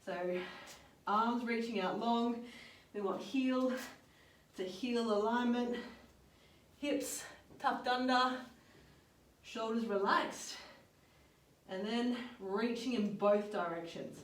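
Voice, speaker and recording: A woman leading a yoga and strength workout, calmly cueing each move and breath. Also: on the high side, slow pace, pauses often, recorded from a distance. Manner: calm step-by-step cueing with breath counts. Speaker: fitness and yoga instructor. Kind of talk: guided workout instruction. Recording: roomy sound, voice off-mic.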